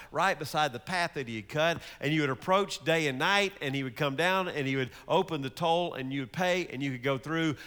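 A male pastor giving a sermon, moving from lively storytelling to slow, hushed emphasis. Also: a little high, in a large hall.

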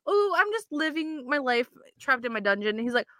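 A woman's voice: high voice, fairly quick, no echo, clean studio sound. A woman co-hosting a podcast in casual chat, telling a story with lots of acted-out quotes and laughter. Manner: animated storyteller, acts out quotes, laughs often. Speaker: podcast co-host.

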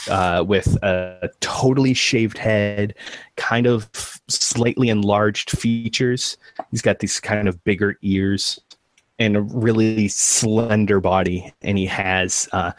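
A man narrating as game master of a tabletop game, hesitant, with frequent fillers. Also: fairly low pitch.

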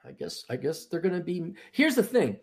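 A man's voice: high voice, wildly swooping pitch, normal speed. A man hosting a casual late-night talk show over a video call, ranting in a crude, sarcastic way. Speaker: show host.

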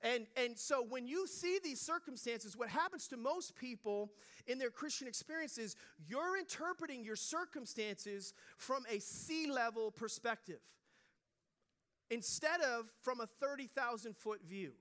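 A middle-aged man preaching a sermon in a conversational storytelling way, dropping to a hush and then rising loud. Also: very high-pitched, lively intonation, measured pace. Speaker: pastor.

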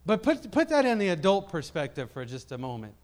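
A man preaching a sermon to a congregation, swinging between quiet reflective passages and loud emphatic ones, often repeating words as he builds up. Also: high voice, wildly swooping pitch, brisk. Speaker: pastor.

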